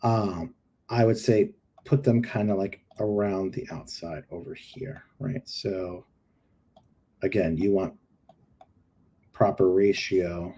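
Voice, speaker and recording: A livestream host casually critiques product listings on his screen, mixing in joking asides and emphatic repeats. His voice is low, steady, dark and husky, and he speaks slowly with long pauses.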